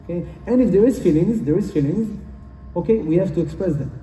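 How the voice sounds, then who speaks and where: Speaking a little fast in a high, mellow voice with lively intonation, a man addresses a conference hall with a motivational message. He is earnest and repetitive, his phrasing non-native, and the distant echoey recording carries a slight hiss or hum.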